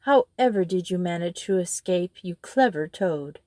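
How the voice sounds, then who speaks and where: A woman voicing a gentle, eager male mole who talks quickly. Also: on the low side, lively intonation, no room sound, clean studio sound, natural voice.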